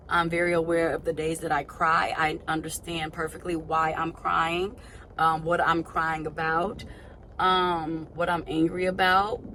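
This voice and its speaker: A woman's voice: fairly low pitch, a bit bright, a little hiss or hum, rough recording. A woman speaking candidly in a personal vlog, searching aloud and repeating her questions as she reflects. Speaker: vlogger.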